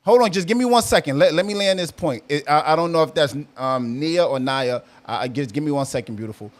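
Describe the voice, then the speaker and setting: A man's voice: fairly high pitch, fairly quick. A man hosting a live audio chat room, talking casually and animatedly, often repeating himself and teasing guests.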